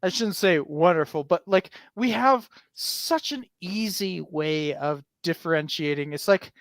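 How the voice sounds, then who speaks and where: A man hosting a livestream over a remote call, talking in a quick, breezy way. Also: a little high, dry recording. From American Southwest. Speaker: channel host. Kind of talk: casual livestream chat.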